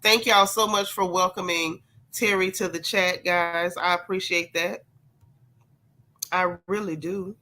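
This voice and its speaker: On the low side and pushed yet bright, this woman's voice keeps a fairly even intonation at a measured pace. Sick and stuffed up, she runs a gossip livestream, addressing her chat directly and repeating herself for emphasis.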